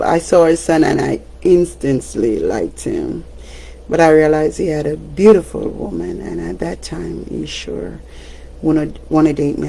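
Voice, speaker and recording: A woman's voice: low voice, gravelly, mellow, slight background noise. A woman from Jamaica with a Jamaican accent, a radio broadcaster talking casually on a livestream, chatty and laughing often.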